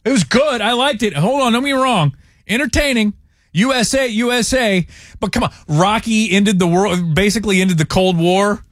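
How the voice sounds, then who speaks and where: A man co-hosting a sports talk show, animated and joking, quick to tease. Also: high voice, no echo, studio quality. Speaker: sports radio co-host.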